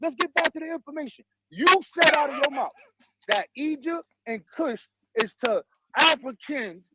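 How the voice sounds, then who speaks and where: A man's voice: very high-pitched, normal speed. A man arguing in a heated online debate, aggressive and profane, talking over his opponent. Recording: loud background noise with clicks.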